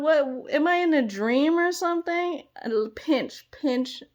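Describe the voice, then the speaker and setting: A young woman and children's church teacher giving an excited personal testimony, gushing and exclamatory, often breaking into laughter. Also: high voice, unhurried.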